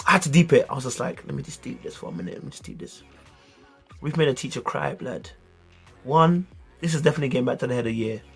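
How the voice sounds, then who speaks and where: A man telling a school story in a casual, animated way, heavy on slang. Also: fairly high pitch.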